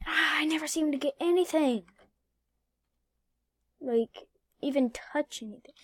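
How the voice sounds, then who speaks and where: High-voiced excitable young gamer girl. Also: moderate pace, long pauses, no room sound, clean studio sound. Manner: excitable, repeats phrases, swings between whispers and shouts. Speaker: gaming YouTuber. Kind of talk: casual gameplay commentary.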